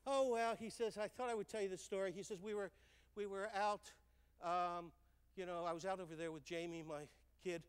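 A man's voice: sits high, brisk, smooth, big-room sound. Older man telling stories on stage. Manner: animated storytelling, checks in with "right?" and "okay?". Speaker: speaker. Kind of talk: stage talk. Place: large hall on stage.

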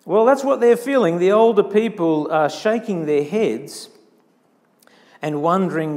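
A man preaching a sermon in a church, animated, acting out quoted voices with big swings in tone. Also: high voice, measured pace. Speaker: pastor. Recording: long church hall reverb.

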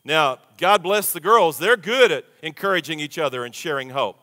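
A man's voice: fairly high pitch, expressive, moderate pace, sharp tone. A man preaching a sermon to a congregation in a folksy, conversational way, calling on the crowd to answer back. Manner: folksy, conversational preaching with audience call-and-response. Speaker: pastor. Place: large church sanctuary. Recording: long reverb of a big church hall.

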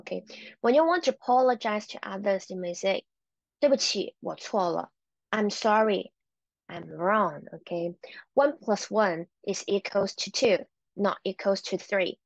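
Woman, language teacher, very slow and patient, dry dull lo-fi sound. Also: mid-range voice, creaky, no room sound. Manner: patient, repeats words, mixes English and Chinese. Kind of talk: vocabulary lesson.

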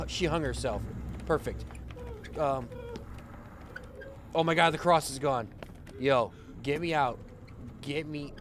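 A man's voice: fairly high pitch, background noise. A man streaming a horror game, panicky and frantic, swearing as he reacts. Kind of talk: live horror game commentary.

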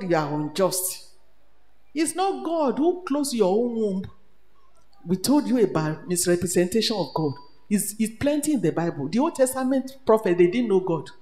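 Nigerian woman preacher, animated sermon, echoey hall, long reverb. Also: medium pitch. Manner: animated, switches between English, Pidgin and Yoruba. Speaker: retreat speaker.

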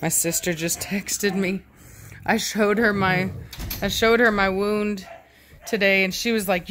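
A woman's voice: mid-range voice, fairly even intonation, measured pace, a bit bright, slight background noise. A woman filming her dogs and chatting casually about them, often cooing baby talk at the puppies. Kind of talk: casual chat.

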